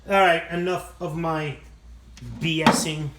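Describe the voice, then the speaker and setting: Male vlogger, rambling and self-deprecating, slightly high voice, echoey shop sound. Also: flat delivery, a little slow, fairly bright tone. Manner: rambling, self-mocking, swears casually. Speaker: channel host showing his machine shop. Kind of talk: casual rambling walk-through vlog. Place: indoor machine shop.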